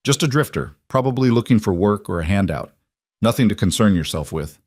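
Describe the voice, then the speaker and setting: A man voicing a quiet, guarded frontier cowboy who speaks tersely and firmly. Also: on the low side, animated, a little fast. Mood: plain. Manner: terse and firm.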